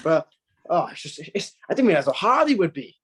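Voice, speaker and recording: A teenage man guests on a podcast, and his voice sits a little high for a man. He tells stories in a lively, self-mocking way, full of stumbles and quick laughs. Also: husky. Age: teens. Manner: animated storytelling, laughs and stumbles. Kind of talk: casual podcast chat.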